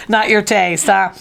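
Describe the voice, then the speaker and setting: A middle-aged woman hosting a casual news and gossip chat, opinionated and teasing the people in the room. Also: medium pitch. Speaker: podcast host.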